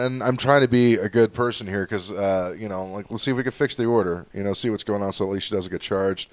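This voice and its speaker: A man hosting a podcast, chatting casually in a rambling, animated way, cursing and laughing as he tells stories. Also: on the low side, fairly quick, no room sound. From Southern California. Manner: rambling, animated storytelling, swears, laughs often. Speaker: podcast host. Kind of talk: casual chat.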